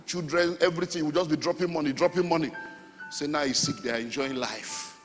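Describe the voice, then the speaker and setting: A middle-aged Nigerian man preaching a sermon as pastor, animated, with sudden shouts and sung phrases. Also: fairly high pitch, fast. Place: church hall. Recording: long hall reverb, faint music.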